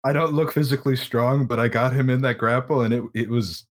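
A player in a tabletop game who explains their moves and makes wry, deadpan jokes. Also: mid-range voice, fairly quick. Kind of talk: casual tabletop play.

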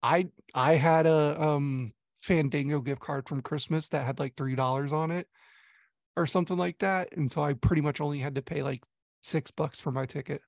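Animated, gravelly-voiced man rambling casually. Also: fairly high pitch, moderate pace, dry recording. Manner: rambling, animated storytelling with filler words and mock voices. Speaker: podcast co-host reviewing a movie. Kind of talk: casual chat.

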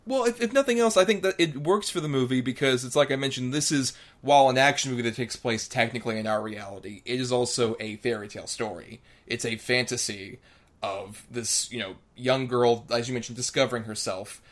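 A man's voice: mid-range voice, a little fast. Man talking through a movie, analytical. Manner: thoughtful, analytical, many fillers. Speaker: podcast co-host. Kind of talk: casual film discussion.

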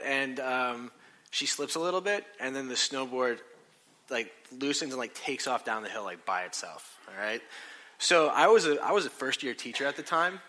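A middle-aged man telling a personal story in a sermon, animated and self-mocking, acting out what people said. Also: medium pitch, moderate pace.

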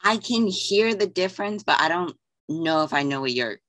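Low, lively woman chiming in. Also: normal speed. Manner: brief, agreeable replies. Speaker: podcast co-host. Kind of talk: casual chat.

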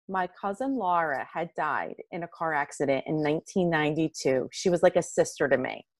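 A woman in her fifties, a podcast guest, telling a personal story in a lively way and acting out quoted lines. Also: sits low, moderate pace, no echo. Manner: animated, acts out quoted lines.

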